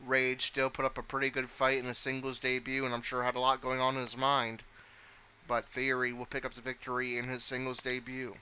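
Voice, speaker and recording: Brief: male wrestling commentator and host, very bright tone, fairly flat pitch, steady announcer read. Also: fairly quick, dull audio, a little hiss or hum. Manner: steady announcer delivery, reads lists of names. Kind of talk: play-by-play commentary and results rundown.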